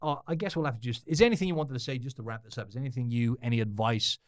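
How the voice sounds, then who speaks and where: Male podcast host, fast matey chat, mid-pitched voice, dry close recording. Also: no echo. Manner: chatty, matey, tells stories. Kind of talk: casual podcast conversation.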